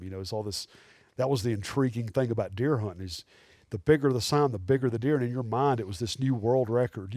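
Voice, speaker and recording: A man, telling animated, rambling hunting stories as a podcast guest. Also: mid-range voice, no echo, clean studio sound. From Alabama. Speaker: guest taxidermist. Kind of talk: casual storytelling in a podcast interview.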